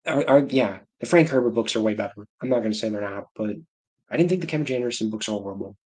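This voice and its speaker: A man's voice: on the low side, fast talker, a little mellow, husky. Man, 30s, livestream host, casual rambling chat, lots of restarts. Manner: rambling, self-interrupting, laughing to himself.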